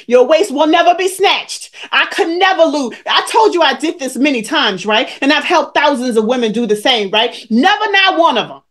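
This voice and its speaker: A woman over forty coaching viewers on a live stream, emphatic and preachy, repeating her points and calling out people in the chat by name. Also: high-pitched. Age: 40s or older. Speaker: weight-loss coach hosting a live stream.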